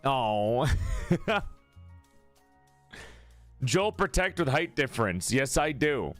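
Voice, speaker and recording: A man's voice: medium pitch, big pitch swings, takes it slowly, a bit bright, faint music behind. A man streaming, chatting casually with his viewers, joking and teasing as he reads their messages aloud and answers.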